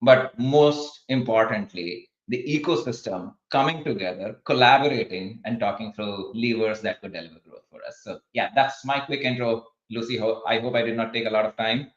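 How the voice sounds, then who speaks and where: Male research partner presenting fluently, lowish voice, roomy lo-fi sound. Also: normal speed, few pauses. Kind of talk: webinar presentation. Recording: echoey muffled audio.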